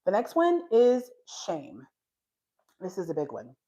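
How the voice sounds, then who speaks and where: A woman giving a casual Bible teaching, an animated storyteller who acts out dialogue, frank and self-deprecating. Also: medium pitch, unhurried. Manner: animated storytelling, acting out dialogue with laughs and sighs.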